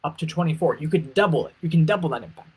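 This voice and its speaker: An energetic interview coach speaks very fast to pageant contestants during a live stream, his voice carrying a breathy edge. He repeats key phrases for emphasis and swoops his pitch up and down to model emotions, and the recording quality is low.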